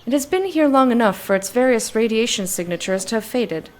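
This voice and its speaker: A woman's voice: fairly high pitch, expressive, brisk, a little mellow, lightly acted. A woman reading game dialogue aloud as a formal, literal-minded robot servant. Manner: stiff, literal, polite, says "mistress".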